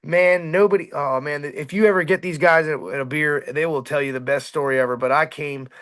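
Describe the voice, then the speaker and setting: A middle-aged man, a fishing boat captain, telling animated stories in casual chat and acting out shouts and quotes. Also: on the high side, fairly quick. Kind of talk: casual storytelling on a podcast.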